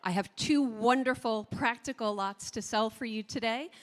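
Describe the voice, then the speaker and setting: Woman from New Jersey, competition auctioneer; rapid climbing bid chant, high pitch, booming convention hall. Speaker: auctioneer contestant. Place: large convention hall stage. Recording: long reverb of a large hall.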